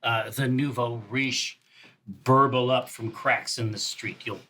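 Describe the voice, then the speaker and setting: A man's voice: mid-range voice, steady tone, slow pace, sharp tone. A man playing in a tabletop role-playing game, bantering in a playful, hammy way. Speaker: player. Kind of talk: casual tabletop play.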